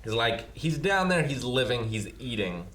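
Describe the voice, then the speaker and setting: A young man co-hosting a reaction show, thinking out loud and speculating casually. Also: medium pitch, sing-song, moderate pace. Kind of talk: casual discussion. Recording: faint background noise.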